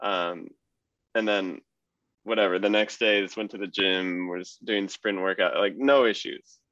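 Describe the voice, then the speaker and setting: A man's voice: low-pitched, unhurried, dry recording, muffled recording. A man, a cyclist guest, telling a story in casual chat with lots of fillers and laughter. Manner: relaxed, laughs through stories, many fillers.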